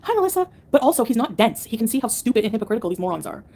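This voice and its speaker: Fast-talking woman ranting sarcastically. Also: on the high side, very animated, mellow. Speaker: livestreamer answering chat. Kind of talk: live-stream rant to chat.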